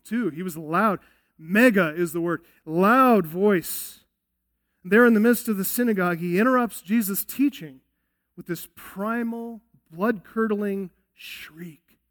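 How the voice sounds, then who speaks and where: High-voiced man preaching an emphatic sermon. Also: fairly bright tone. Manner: earnest, emphatic preaching with rhetorical questions. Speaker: pastor. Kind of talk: expository sermon.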